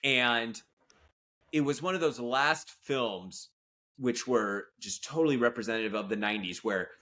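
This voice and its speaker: Bright-voiced enthusiastic male podcaster. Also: mid-range voice, normal speed. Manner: enthusiastic, rambling, full of asides. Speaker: podcast co-host. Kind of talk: casual podcast chat.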